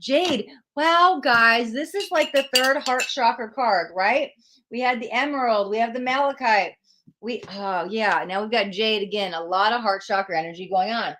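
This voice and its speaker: A woman's voice: on the high side, moderate pace, fairly bright tone. A woman hosting a live tarot stream, chatting casually and reassuringly as she reads viewer comments aloud.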